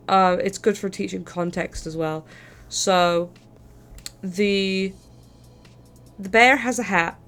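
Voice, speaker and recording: A woman's voice: on the low side, a bit bright. Chatty woman streamer. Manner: chatty, rambling, swears casually. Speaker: streamer host. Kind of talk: casual chat.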